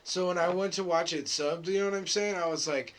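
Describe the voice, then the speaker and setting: A man's voice: high-pitched, fairly even intonation, a little fast, fairly bright tone. A man co-hosting a podcast in laid-back, profane, slangy chat, often restarting his sentences. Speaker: podcast co-host. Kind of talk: casual chat.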